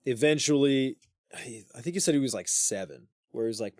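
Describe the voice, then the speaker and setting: A man co-hosting a podcast, retelling an old myth in casual slang, swearing and putting on quick voices for the characters. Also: mid-range voice, darkish tone, dry recording, studio quality. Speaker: podcast co-host. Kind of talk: casual storytelling.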